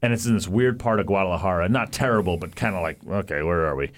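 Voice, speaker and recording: A man's voice: low-pitched, fast talker. A man from the United States co-hosting a casual podcast. He tells his story in a loose, rambling way, breaking into laughter and acting out what other people said. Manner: rambling, laughs often, acts out quotes. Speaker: podcast co-host.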